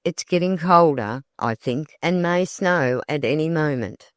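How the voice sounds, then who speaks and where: A gently fussing, motherly aunt in an old-fashioned audiobook tale, read by the narrator. Smooth, clear delivery in a dry, close recording. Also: medium pitch, animated, measured pace, no echo, close to an everyday voice. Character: motherly aunt, Mrs White.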